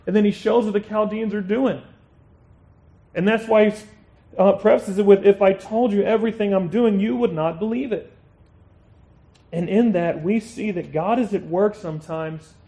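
A man preaching a sermon in an earnest way, reading scripture with emphasis and dropping to a quiet tone for reflection. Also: fairly high pitch. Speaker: pastor.

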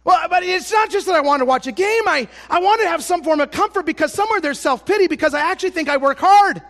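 A traveling preacher with a very high, creaky voice delivers a sermon full of personal stories, talking a little fast with hardly any pauses. He's animated and self-deprecating and often restarts his sentences.

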